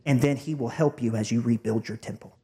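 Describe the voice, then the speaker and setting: A man's voice: medium pitch, fairly quick, warm tone, slightly rough. A man in his thirties, a pastor preaching a heartfelt sermon and speaking earnestly to the congregation in a church. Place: church sanctuary. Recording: reverberant church hall.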